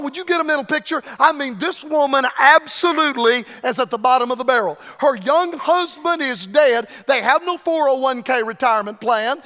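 A man's voice: very high-pitched, fairly bright tone, long reverb tail. A man preaching a sermon, emphatic and preacherly, repeating key phrases for weight.

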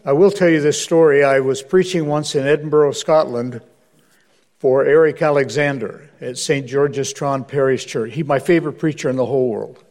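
A man's voice: medium pitch, normal speed, a little mellow. A man preaching as a guest, telling anecdotes with humor and driving home his points with emphasis. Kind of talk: sermon.

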